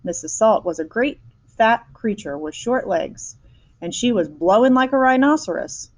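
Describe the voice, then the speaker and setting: Woman, storyteller, reading a children's book aloud, lively, small slips. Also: fairly high pitch, normal speed.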